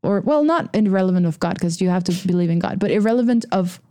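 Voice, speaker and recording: A woman co-hosting a casual faith discussion, reading passages slowly and explaining them with frequent laughter. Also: medium pitch, lively intonation, warm tone, clear, resonant tone, no echo. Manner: reads quotes slowly, laughs often. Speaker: podcast co-host reading scripture.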